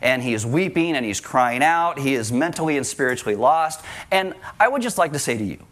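A male pastor preaching a sermon in an animated way, with joking asides and acted-out quotes. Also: mid-range voice, fairly quick.

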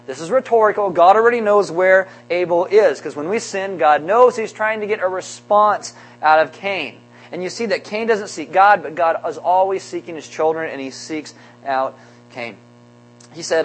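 A man's voice: high voice, lively intonation, normal speed, husky, rough recording. A man preaching a sermon to a congregation, conversational and wry, with joking asides between points. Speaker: pastor. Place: church sanctuary.

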